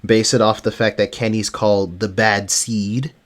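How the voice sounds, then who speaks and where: A man's voice: fairly low pitch, little pitch movement, normal speed. A man hosting a casual podcast chat, reading out questions and making brief remarks. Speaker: podcast host.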